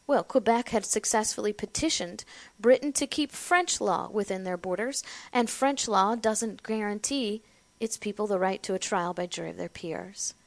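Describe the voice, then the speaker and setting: A woman giving an impassioned political speech, building to loud, emphatic declarations and then dropping low. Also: moderate pace. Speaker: political speaker.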